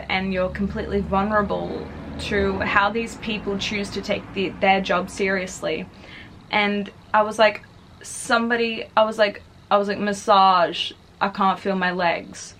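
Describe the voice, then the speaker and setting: A woman's voice: mid-range voice, little pitch movement, a little slow, fairly bright tone, slight background noise. Chatty young woman telling a story. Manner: chatty, filler-heavy, frequently says "like". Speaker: vlogger. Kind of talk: casual personal storytelling.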